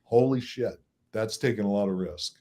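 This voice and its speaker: A man speaking as a relationship coach in an interview, explaining at a steady, moderate pace and chuckling often. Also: lowish voice, moderate pace. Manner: chuckles often, acts out examples; steady, moderate pace by his own account.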